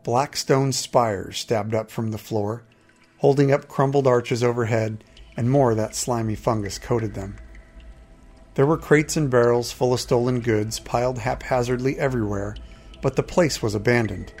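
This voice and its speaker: A man reads a first-person fantasy adventure aloud. His delivery is steady and measured, at a mid pitch. Soft music plays faintly underneath. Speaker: narrator.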